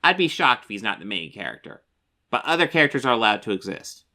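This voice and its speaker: A young man talks through a reaction video with a bright, forceful voice. He sounds exasperated and sarcastic, and he swears casually as he rebuts the clip. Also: fairly low pitch, sing-song, fast. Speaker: commentary host. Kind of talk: reaction commentary.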